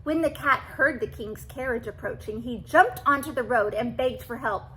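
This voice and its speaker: An older woman reading a classic storybook aloud to children, animated and stopping for asides to the listener. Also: fairly high pitch, moderate pace, a little hiss or hum, poor audio.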